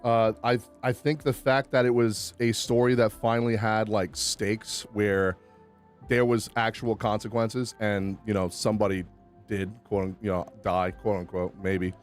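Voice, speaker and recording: Laid-back low-voiced man from Boston. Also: level tone, a little slow, faint music behind. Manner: laid-back, filler-heavy. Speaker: podcast guest. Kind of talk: casual podcast chat.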